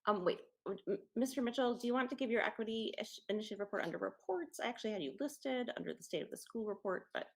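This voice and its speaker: Female council chair, steady mid voice, halting delivery. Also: mid-range voice, vocal fry. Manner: hesitant, many filler sounds. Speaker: meeting chair.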